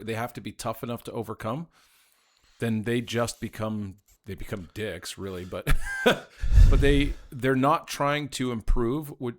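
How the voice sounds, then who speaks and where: A man in his forties co-hosting a casual chat, thoughtful and measured, with frequent "you know"s. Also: medium pitch. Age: 40s. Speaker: podcast co-host.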